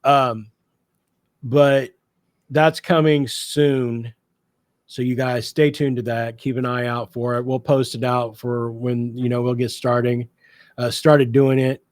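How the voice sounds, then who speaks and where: A man's voice: mid-range voice, flat delivery, slow, darkish tone, no echo. A man talking casually on a radio show about paranormal investigations, upbeat and rambling with many fillers. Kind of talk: casual chat.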